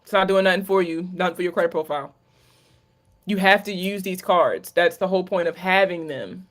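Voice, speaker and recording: A woman's voice: on the low side, brisk. Profane, candid woman with a Maryland accent. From Maryland, USA. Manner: candid and profane, chatty slang. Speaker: credit coach hosting a live Q&A. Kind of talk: casual livestream Q&A.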